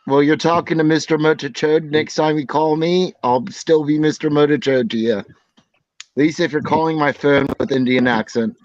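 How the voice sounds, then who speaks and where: A man's voice: a little high, fairly even intonation, normal speed, no room sound, muffled recording. A man on an online panel giving blunt, self-deprecating opinions in casual chat. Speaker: panel guest.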